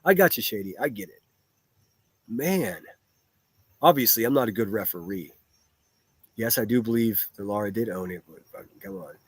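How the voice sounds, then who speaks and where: A man's voice: on the low side, normal speed, pauses often, slightly rough, no room sound. A man hosting a live stream and answering his chat in a blunt, profane, rambling way, with frequent restarts. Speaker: livestreamer reading chat.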